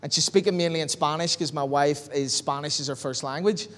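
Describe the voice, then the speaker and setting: A man preaching a sermon as pastor, animated, acting out bits of dialogue in different voices. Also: a little high, brisk. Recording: long hall reverb.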